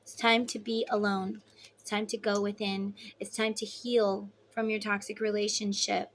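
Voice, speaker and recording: A woman giving a casual tarot reading, blunt and swearing freely, acting out quoted voices loudly. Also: medium pitch, little pitch movement, moderate pace, slight background noise. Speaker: tarot reader.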